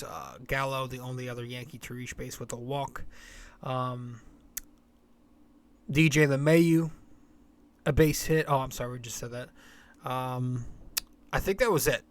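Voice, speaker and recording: A man's voice: medium pitch, fairly bright tone. Blunt rambling male sports podcaster. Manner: rambling, blunt, swears freely. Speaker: podcast host. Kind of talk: casual sports podcast talk.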